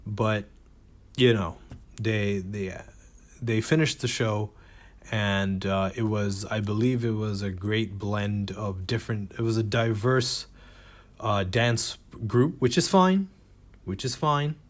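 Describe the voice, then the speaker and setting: A man's voice: lowish voice, steady tone, slow. A man performing a stand-up comedy set, rambling and self-deprecating, reading jokes from a notebook.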